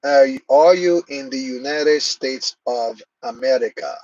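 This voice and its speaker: A man's voice: medium pitch, a little slow, a little mellow, no room sound, dull audio. A man hosting a live stream, chatting casually and answering viewers' comments by name.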